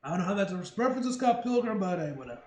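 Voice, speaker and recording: A man's voice: high-pitched, very animated, racing. A man giving casual comic commentary as a reaction video host, rambling with joking asides and frequent self-corrections. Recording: roomy room, faint noise.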